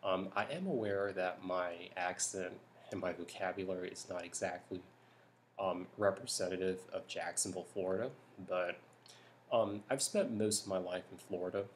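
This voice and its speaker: A young man from California talking softly in a hushed voice at home at night for a vlog, rambling with lots of ums and restarts. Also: sits low, normal speed, a little hiss or hum. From California, United States. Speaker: YouTuber. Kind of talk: soft-spoken vlog talk.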